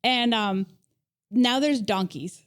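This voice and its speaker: A woman in her thirties co-hosting a podcast, telling a story in a casual, animated way and laughing often. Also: on the high side, takes it slowly. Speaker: podcast co-host. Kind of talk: casual chat.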